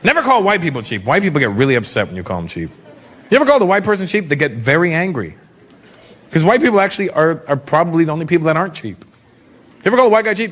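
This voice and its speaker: A man performing a stand-up comedy set on stage, switching into shouted put-on voices for punchlines. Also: on the high side, very animated, quick pace. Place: large comedy venue with a laughing audience. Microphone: handheld stage mic. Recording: live stage recording with crowd noise.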